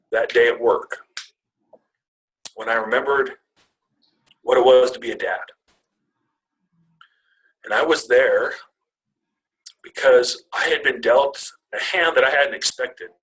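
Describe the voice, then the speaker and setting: A man speaking at a business retreat, telling a personal story to a live audience in a lively, conversational way, often calling them "you guys.". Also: mid-range voice, takes it slowly, pauses often, low-quality recording.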